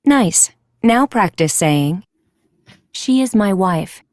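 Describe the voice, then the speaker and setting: Slow woman on a dry course recording reading out lesson prompts, clear. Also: medium pitch, animated, a little mellow, no room sound. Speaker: course instructor. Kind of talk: scripted instruction.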